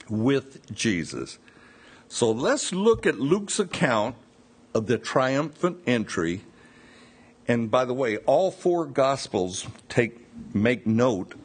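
A man preaching from the pulpit, moving slowly through scripture with informal asides. His voice is slightly husky and his pitch rises and falls in a lively way as he tells the story. He takes his time over each phrase. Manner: unhurried, expressive preaching with asides. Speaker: pastor. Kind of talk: sermon with scripture reading.

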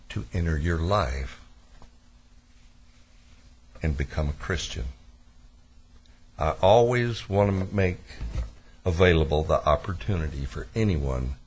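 A man preaching a sermon to his church, telling a story in a lively, deliberate way. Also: low voice, slight background noise. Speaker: pastor.

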